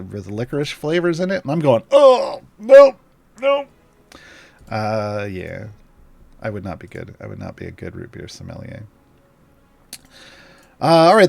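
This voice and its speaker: A man's voice: mid-range voice, darkish tone, no echo. A man hosting a game guide livestream, chatting casually and rambling with fillers and restarts.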